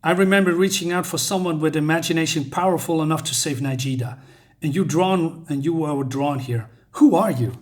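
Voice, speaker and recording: A man's voice: a little high, brisk, lightly acted. A man reading out the lines of a tired, aging male painter, plainly and wearily. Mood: resigned.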